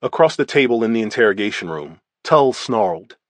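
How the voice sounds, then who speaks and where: A man narrating a first-person thriller audiobook in a measured, even way. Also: fairly low pitch, dry recording.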